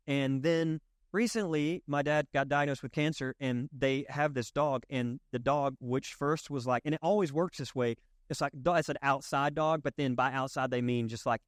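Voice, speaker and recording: Chatty pastor preaching in a dry room. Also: male voice, fairly high pitch, no echo. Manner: conversational storytelling with asides to the congregation. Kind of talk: sermon. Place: church sanctuary.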